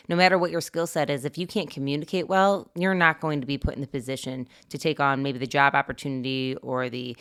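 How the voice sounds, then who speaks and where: A middle-aged woman co-hosts a parenting chat and offers advice in an earnest, confident way. Her voice sits low and sounds smooth and clear. She strings her thoughts together in long, easy runs. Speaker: parenting podcast co-host. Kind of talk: casual conversational advice.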